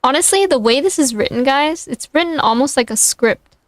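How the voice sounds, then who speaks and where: A woman's voice: high-pitched, lively intonation, a little fast, no room sound. Amused woman streamer reading aloud. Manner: amused, self-mocking asides. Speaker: streamer reading fan fiction. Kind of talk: casual reading aloud with asides.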